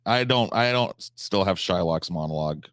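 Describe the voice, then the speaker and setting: A man's voice: sits low, lively intonation, normal speed, a bit bright, no echo, clean studio sound. A man chatting casually on a live stream, answering chat questions, swearing freely, with frequent restarts and fillers.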